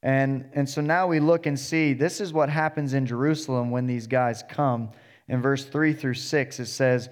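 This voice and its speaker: A man's voice: mid-range voice, fairly even intonation, normal speed. Male pastor, mid-range voice, preaching a casual storytelling sermon and voicing the characters' lines. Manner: storytelling, acting out the characters in plain voice. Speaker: associate pastor.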